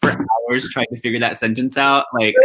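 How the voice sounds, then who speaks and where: A man's voice: mid-range voice, level tone, brisk, sharp tone. A man co-hosting a livestream talk show over a video call, bantering in a campy, affectionate way. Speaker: co-host. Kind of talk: casual chat.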